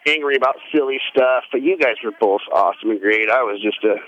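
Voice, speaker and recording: A man's voice: medium pitch, quick pace, highs cut off. A man chatting casually as a call-in guest, rambling and joking. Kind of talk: casual chat.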